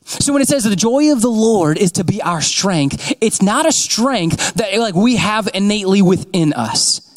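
A young man preaching a conversational sermon, often asking "right?" and acting out excited voices as he tells stories. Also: high-pitched, normal speed, poor audio. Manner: conversational, repeats words and asks "right?". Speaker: pastor.

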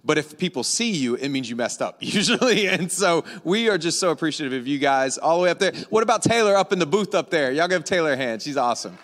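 A man's voice: fairly high pitch, lively intonation, fast, few pauses, fairly bright tone. A man from Louisiana preaching a sermon on stage in a large church, telling a road-trip story in a casual, joking way. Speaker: pastor. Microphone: stage microphone. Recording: long hall reverb.

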